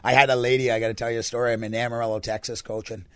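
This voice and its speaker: A young Canadian man, a hockey coach with a deep, raspy voice, answering radio interview questions in a relaxed, rambling way. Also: rapid-fire, no echo. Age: young adult. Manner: relaxed, rambling answers with many fillers and restarts.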